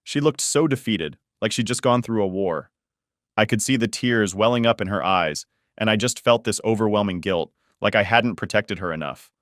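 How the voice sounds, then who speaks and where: A man's voice: lowish voice, moderate pace, fairly bright tone, dry recording, clean studio sound. A man narrating a first-person family story in a casual, blunt way that swears freely.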